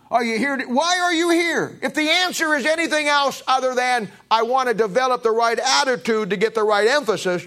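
Male pastor, high voice, preaching with rhetorical questions and wide pitch swings. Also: fairly bright tone. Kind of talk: sermon. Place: church.

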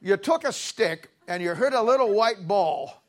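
A man preaching a sermon in a folksy, storytelling way, with sudden loud bursts between quieter stretches. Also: high voice, animated, a little slow.

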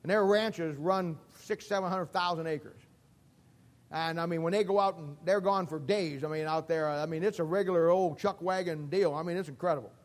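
A man's voice: fairly high pitch, normal speed, big-room sound. A male preacher telling a story in a sermon, folksy and rambling, full of asides. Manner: folksy, rambling, full of "I mean" and "you know".

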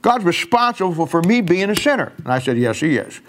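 An older man, a pastor, preaching a sermon in a folksy storytelling way and going soft and quiet when he quotes himself. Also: sits high, big pitch swings, a little fast.

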